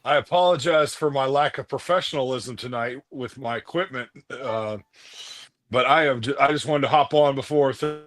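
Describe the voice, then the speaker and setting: A man's voice: medium pitch, moderate pace, a bit bright, no echo. A man joining a podcast call in a mock-formal, apologetic way with some hesitation. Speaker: podcast co-host. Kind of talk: casual chat.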